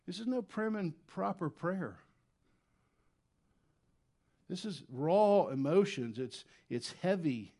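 A man preaching a sermon in a church, his voice sitting a little high for a man. He talks earnestly and conversationally, dropping to quiet, low stretches and then rising loud when he acts out desperate prayers. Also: lively intonation, measured pace, hardly any pauses. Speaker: pastor.

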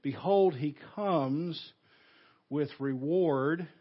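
In a church sanctuary, a male pastor with a Southern US accent and a husky, somewhat high voice preaches emphatically, swinging between loud stresses and hushed, slow phrases. The recording sounds dull and lo-fi.

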